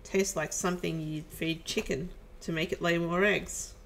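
A woman's voice: on the low side, steady tone, moderate pace, vocal fry, fairly bright tone, slight background noise. A woman reading the lines of a blunt spaceship crew member who complains crudely about the food. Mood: griping.

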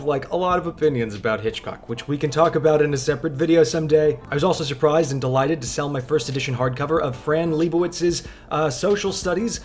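A man telling stories in a casual vlog, with dry, deadpan humor. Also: mid-range voice. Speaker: vlogger.

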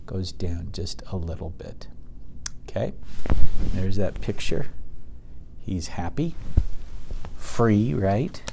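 A man's voice: sits low, expressive, slow, vocal fry, pauses often, noisy background. A man teaching a reading lesson to young children, patiently sounding out words and reading aloud from a picture book.

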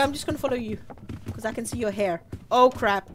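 A British woman streaming a game live, chatting to viewers, squealing and shouting as she plays. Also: fairly high pitch, fairly quick, slight background noise. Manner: excitable, squeals and shouts while playing. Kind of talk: live gameplay commentary.

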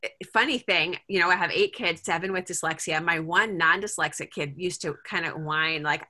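A woman's voice: mid-range voice, expressive, fairly quick, bright, forceful tone. A middle-aged woman leading a parent group over a video call, talking casually and thinking aloud with lots of fillers and restarts.

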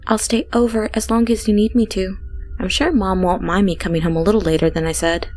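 A woman's voice: mid-range voice, fairly even intonation, fairly quick, darkish tone, faint music behind, natural voice. A woman voicing a young girlfriend who talks in a breezy, reassuring way.

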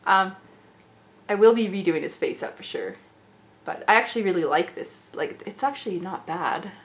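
Excitable woman gushing in an echoey room. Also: on the low side, normal speed. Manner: gushing, excitable, laughs often. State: slightly rough throat. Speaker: doll collector vlogger. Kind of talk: casual unboxing vlog. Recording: echoey room with faint noise.

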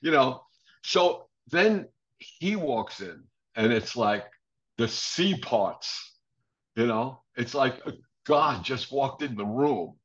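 An older man recounting stories as an interview guest, animated and quick to laugh as he acts out the voices of people he quotes. His voice sits at an ordinary pitch, and the audio comes through dull and lo-fi. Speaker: drummer guest. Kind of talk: casual interview storytelling.

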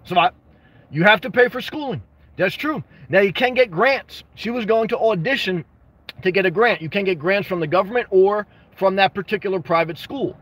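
A man hosting a casual livestream, answering viewer comments with blunt, jokey advice and bursts of excitement. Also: high-pitched, normal speed, breathy edge, no room sound. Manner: reads and responds to viewer comments. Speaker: livestream host answering chat.

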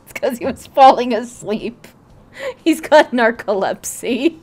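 Giggly, animated woman gaming host. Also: fairly high pitch, a little slow, soft background music. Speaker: let's play host. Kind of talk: casual chat over a game.

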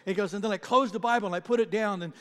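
A male pastor with a high, light voice tells stories from the pulpit. He retells other people's words, stumbling over restarts as he goes. His voice rings out into a long church reverb. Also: racing, fairly bright tone. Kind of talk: sermon. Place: church sanctuary.

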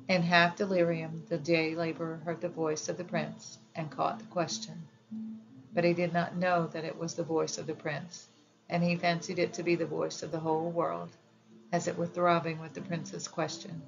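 A woman narrating a children's fairy tale audiobook in a measured, gentle storytelling manner. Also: deep voice, level tone, lo-fi sound.

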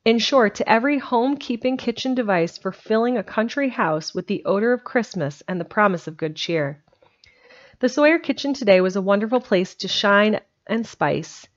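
A woman's voice: medium pitch, lively intonation, moderate pace. Woman reading a storybook aloud. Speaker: audiobook reader. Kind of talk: storybook narration. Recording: slightly muffled home stream recording.

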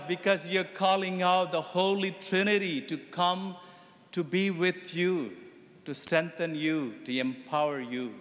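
Priester predigt in einer hallenden Kirche. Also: male voice, high-pitched, unhurried, a bit bright. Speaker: Catholic priest. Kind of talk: sermon. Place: Catholic church. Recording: echoey church reverb.

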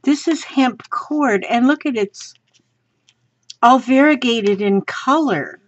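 A woman chatting to viewers from her home craft room, gushing and excitable as she shows craft supplies. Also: fairly high pitch, slow, no echo. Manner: gushing and excitable, talks to viewers while handling items. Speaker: craft vlogger. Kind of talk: casual unboxing chat. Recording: slightly dull lo-fi sound.

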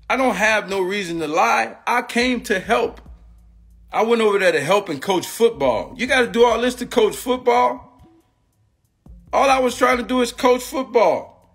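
Here a onetime football player turned coach rants on a live stream in a high, bright, husky voice. The tone is agitated and confrontational, and he keeps repeating himself.

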